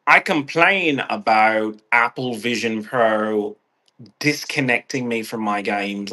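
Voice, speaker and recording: A man's voice: mid-range voice, a bit bright. A man with a stuffed-up nose, rambling and ranting in a casual vlog, swearing freely and restarting his phrases. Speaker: vlogger.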